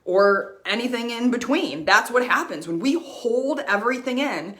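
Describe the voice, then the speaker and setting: A woman's voice: fairly high pitch, lively intonation, moderate pace, fairly bright tone. A woman life coach speaking earnestly on a live stream, repeating phrases for emphasis as she shares a personal story. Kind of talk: personal motivational talk. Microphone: streaming mic.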